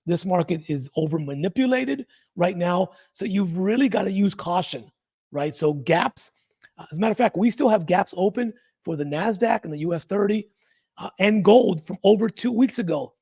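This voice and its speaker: A man's voice: sits high, normal speed, husky. A man hosting a trading channel, talking through chart analysis in a casual, emphatic way with frequent rhetorical questions. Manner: animated, emphatic, often asks rhetorical questions. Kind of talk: casual market analysis talk.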